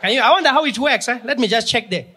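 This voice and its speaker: A man doing a wonderstruck fellow gasping over modern machines, chuckling and tossing out rhetorical questions in a high, lively voice. There is a faint hiss in the background. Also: racing, full character voice. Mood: awed. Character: wide-eyed man marveling at new technology. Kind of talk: stand-up impression.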